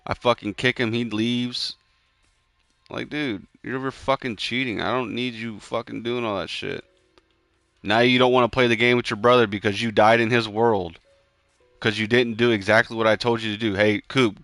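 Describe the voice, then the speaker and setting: Faint music plays behind a young man streaming a game, recorded with no echo; he speaks at medium pitch and normal speed. Chatting with friends, he rants, curses heavily, says "bro" and "dude" a lot, and bursts into excited yelps during tense stretches.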